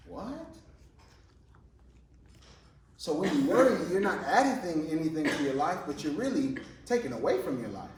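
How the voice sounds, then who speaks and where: A man's voice: a little high, very animated, brisk, slight background noise. A man preaching as a junior pastor in a conversational, slangy way, often repeating his words. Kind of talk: sermon. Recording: echoey room from far off.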